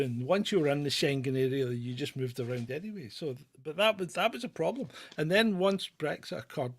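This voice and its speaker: A man's voice: fairly high pitch, husky. A middle-aged man from Britain hosting a live question-and-answer chat, blunt and opinionated, rambling with restarts as he answers viewers.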